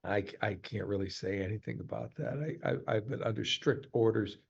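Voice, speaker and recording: A voice actor being interviewed, talking in a halting, animated way in casual chat. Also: male voice, lowish voice, creaky, breathy edge. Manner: animated, halting, jumps to quick voice demos. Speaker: voice actor guest. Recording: slightly muffled, lo-fi sound.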